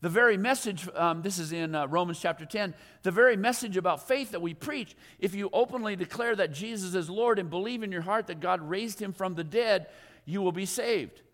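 A man's voice: sits high, a little fast, fairly bright tone, in a large hall. A man, a pastor, preaching a sermon, driving points home through emphatic repetition and questions put to the congregation. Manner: emphatic repetition of key phrases.

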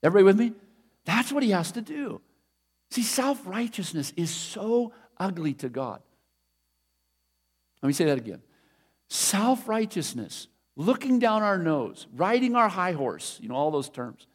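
A man's voice: sits high, big pitch swings, a little slow, breathy edge. A middle-aged man preaching a sermon in a conversational, emphatic way, repeating his key phrases. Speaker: pastor.

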